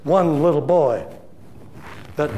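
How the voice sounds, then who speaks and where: An older man preaching a sermon, telling a story with animated swings from loud to hushed. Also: fairly high pitch, takes it slowly.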